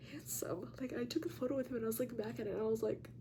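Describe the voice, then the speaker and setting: A young woman telling a story in a casual vlog, chatty and animated, with lots of "like" and free swearing. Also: on the high side, racing, a little hiss or hum. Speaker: vlogger.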